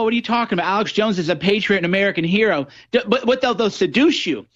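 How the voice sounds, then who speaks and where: This man is a guest commentator on a political talk show, telling stories with animation and acting out the voices of people he quotes. He speaks fast in a high-pitched voice with few pauses, and the recording's highs are cut off.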